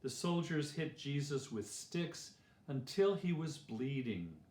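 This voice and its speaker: A man slowly and gently reading a Bible story for children. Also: medium pitch, animated. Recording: roomy echo.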